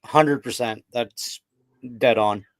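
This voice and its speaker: A man's voice: mid-range voice, slow pace, no echo. A man, a podcast guest, telling his personal story in a candid, loose way with frequent "like".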